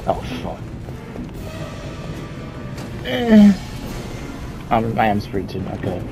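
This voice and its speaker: A man's voice: mid-range voice, animated, a little slow, rough recording. A young man commenting on a horror game as he plays, swearing a lot and yelping when something startles him. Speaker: gameplay streamer. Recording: game music loud behind voice.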